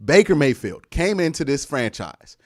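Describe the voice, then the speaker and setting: A man's voice: a little high, big pitch swings, moderate pace. Brash, trash-talking male sports streamer. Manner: boastful trash talk with shouts and laughs, reads out viewer messages. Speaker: sports show host. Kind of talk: excited live-stream sports talk.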